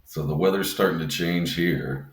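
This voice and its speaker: A man from Illinois with a very deep, low voice. He co-hosts a podcast in an easygoing, profane way, laughing often, and his voice rings in an echoey room. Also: normal speed. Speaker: podcast co-host. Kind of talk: casual podcast chat.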